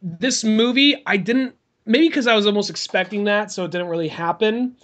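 Brief: young male podcast host, high and bright, animated, swears a lot while retelling scenes. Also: normal speed, highs cut off. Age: young adult. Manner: animated, swears freely, acts out quotes in a high voice. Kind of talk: casual chat.

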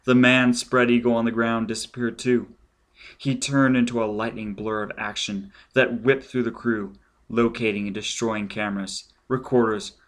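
A man reading a science fiction audiobook aloud in a measured, dramatic storytelling manner. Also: fairly low pitch. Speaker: audiobook reader. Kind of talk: audiobook narration.

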